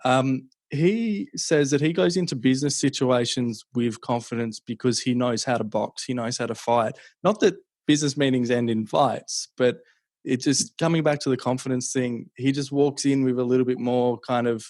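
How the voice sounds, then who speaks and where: A man hosting a podcast interview, talking in a relaxed, reflective way. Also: medium pitch, moderate pace, no room sound, studio quality. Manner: relaxed, reflective, offers takeaways. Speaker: podcast host. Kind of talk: casual interview.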